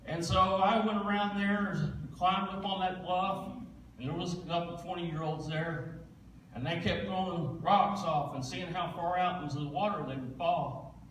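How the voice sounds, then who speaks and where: A man's voice: high-pitched, steady tone, measured pace, fairly bright tone, slight background noise. Folksy man in his forties, speaking from a distance in a reverberant sanctuary. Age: 40s. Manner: plain-spoken storytelling, folksy Southern phrasing. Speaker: guest speaker. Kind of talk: testimony in a church service. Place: church sanctuary. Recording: echoey church room, distant mic.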